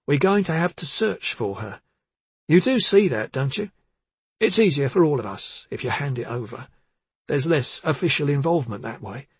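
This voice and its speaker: A man's voice: a little high, expressive, moderate pace, slightly rough, pitched above the performer's own voice, full character voice. A man voicing a blunt, sardonic female detective sergeant, pushy and coarse in her questioning. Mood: pressing.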